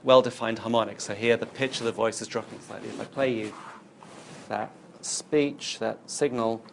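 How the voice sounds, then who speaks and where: Gravelly-voiced male lecturer. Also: lowish voice, steady tone, normal speed, slight background noise. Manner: explains while demonstrating on screen, thinking aloud. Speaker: university lecturer. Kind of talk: recorded university lecture.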